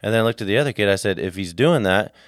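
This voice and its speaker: A man's voice: on the low side, racing, dry recording, studio quality. A man co-hosting a podcast, chatting casually and telling stories with acted-out dialogue. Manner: animated storyteller acting out dialogue. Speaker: podcast co-host. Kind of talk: casual chat, storytelling.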